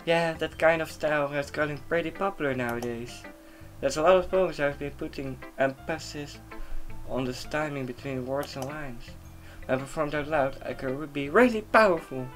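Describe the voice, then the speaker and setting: A man's voice: a little high, moderate pace, a bit bright, soft background music, natural voice. A man voicing a confident, cheerful teenage girl who runs a club, reading game dialogue aloud with a lightly raised voice. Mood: friendly.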